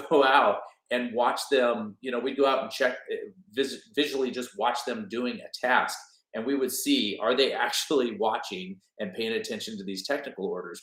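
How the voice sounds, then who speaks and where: A man co-hosting a casual chat, easygoing, with quick agreeing interjections. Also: mid-range voice, reverberant, low-quality recording. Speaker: co-host.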